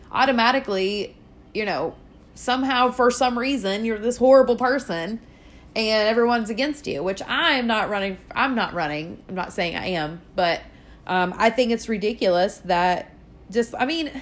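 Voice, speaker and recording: A woman hosting her own podcast, ranting in a casual, profane way with lots of fillers like "like" and "you know". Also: fairly high pitch. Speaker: podcast host.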